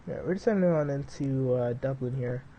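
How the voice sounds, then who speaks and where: A man's voice: mid-range voice, a little fast, mellow, slight background noise, low-quality recording. A young man streaming a flight simulator, chatting to viewers in a loose, rambling way full of "dude" and "like", between flight checks. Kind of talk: casual live-stream chat.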